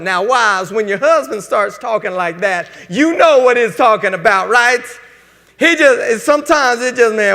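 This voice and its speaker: High-voiced preacher in a hall. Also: male voice, moderate pace, creaky. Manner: folksy, joking, energetic preaching. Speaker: pastor. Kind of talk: sermon. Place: church sanctuary. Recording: church hall reverb.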